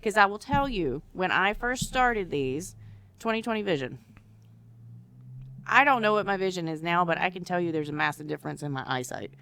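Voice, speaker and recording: This smooth, low-voiced woman co-hosts a relaxed podcast conversation about decorative rod wraps, speaking at a moderate pace. Lively in her storytelling, she performs her own earlier reactions.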